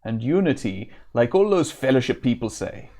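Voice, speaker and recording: A man doing a gruff old sea dog. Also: medium pitch, expressive, moderate pace, darkish tone, lightly acted. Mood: grumbling. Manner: vague put-on old-timey accent, archaic speech. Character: gruff old male sailor turned shipwright, scornful.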